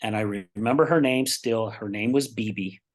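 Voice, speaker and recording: A middle-aged man from Utah, a podcast guest, telling personal stories in a lively way and acting out the dialogue. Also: on the low side, moderate pace. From Utah, United States. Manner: animated, acts out quoted dialogue in his stories. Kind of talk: personal storytelling in a podcast interview.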